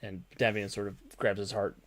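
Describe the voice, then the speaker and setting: Low-voiced male game master. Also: flat delivery, brisk, dry recording. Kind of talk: narrating a tabletop game.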